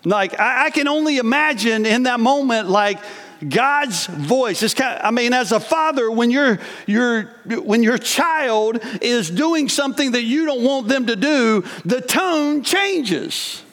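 High-voiced preacher man in reverberant hall. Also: animated, takes it slowly, fairly bright tone. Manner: reads scripture, then breaks into earnest conversational asides. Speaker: pastor. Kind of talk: sermon with scripture reading.

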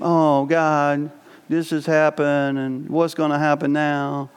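A man's voice: on the high side, flat delivery, takes it slowly, clear, resonant tone. A man preaching a sermon, reading scripture aloud and breaking into earnest, conversational asides. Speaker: pastor. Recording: long hall reverb.

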